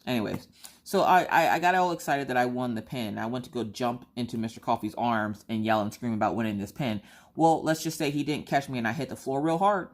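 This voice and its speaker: A woman in her thirties chatting casually while crafting, telling stories and squealing high when she acts out her own quotes. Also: fairly quick. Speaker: crafting vlogger.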